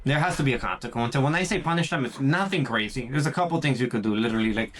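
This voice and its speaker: A dog trainer hosts a podcast, talking very fast at medium pitch as he gives casual training tips. He's animated, acts out what owners and puppies might say, and drops phrases like "dude" and "transparently speaking."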